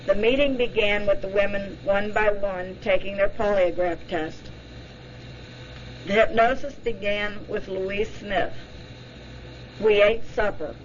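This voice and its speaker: A woman narrating a documentary in an even, plain reading style. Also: mid-range voice, takes it slowly, dull audio, slight background noise.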